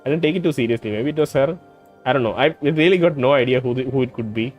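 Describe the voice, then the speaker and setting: A man playing a story game and thinking aloud in hesitant commentary, full of pauses and restarts. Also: medium pitch, a little mellow, faint music behind. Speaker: let's play host. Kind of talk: let's play commentary.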